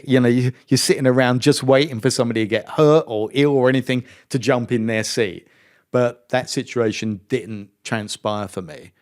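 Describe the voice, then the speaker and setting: A middle-aged man, a former racing driver and podcast guest, telling a story in a lively, self-mocking way and acting out the dialogue. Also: medium pitch. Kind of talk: anecdotal storytelling interview.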